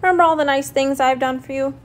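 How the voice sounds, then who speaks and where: A woman's voice: mid-range voice, lively intonation, fairly quick. A woman voicing a sly, boastful male coyote trickster in a storybook reading, with a whiny, indignant manner.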